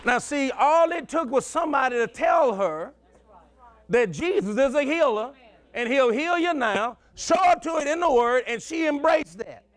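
A man's voice: very high-pitched, lively intonation, moderate pace. A male pastor, preaching a sermon in a folksy call-and-response style and telling stories from his own life.

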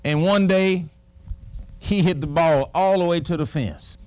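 A man preaching a sermon as a pastor, with a dramatic storytelling manner that breaks into shouted exclamations. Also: a little high, measured pace, no room sound.

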